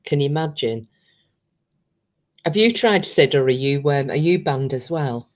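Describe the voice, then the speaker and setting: A woman's low voice carries a casual live stream as she speaks straight to her audience, expressive and a little slow. Chatty and blunt, she doesn't hold back on swearing.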